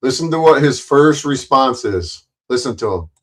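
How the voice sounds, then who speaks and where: A man's voice: medium pitch, expressive, moderate pace, a bit bright. A man doing angry ranting commentary on a livestream, profane and confrontational, often stumbling and repeating words. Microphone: streaming mic.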